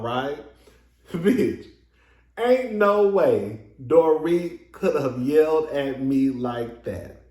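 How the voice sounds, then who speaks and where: Sassy, high-voiced man, echoey room. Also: animated, slow pace, a little mellow. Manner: sassy, profane and laughing. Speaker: reality TV reviewer. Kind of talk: casual commentary.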